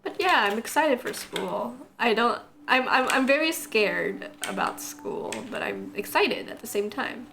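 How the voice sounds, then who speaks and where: Young woman streamer, slightly high voice, casual and rambling, light hiss behind. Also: animated, unhurried, vocal fry, few pauses, fairly bright tone. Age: young adult. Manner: chatty, rambling, answers chat, laughs often. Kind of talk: casual chat while drawing on stream.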